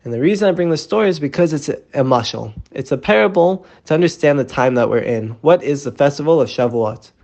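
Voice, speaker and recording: A man's voice: a little high, lively intonation, fast talker, vocal fry, few pauses, a little mellow. A man telling a parable in a casual, conversational way, often adding "you know", recorded as a phone voice message. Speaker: storyteller sharing a parable. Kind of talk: casual spoken storytelling.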